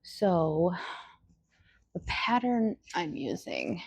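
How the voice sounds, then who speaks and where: A woman's voice: fairly low pitch, huge pitch swings, very slow, slight background noise. A woman chatting casually in a home vlog, swearing now and then and chatting with her dog. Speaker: vlogger. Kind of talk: casual chat. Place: home, indoors.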